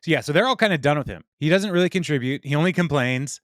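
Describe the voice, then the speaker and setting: A man's voice: fairly high pitch, expressive, quick pace, a bit bright, no echo. Rambling joking man, dry close sound. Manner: rambling, joking, trails off mid-thought. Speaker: podcast co-host. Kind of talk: casual book chat.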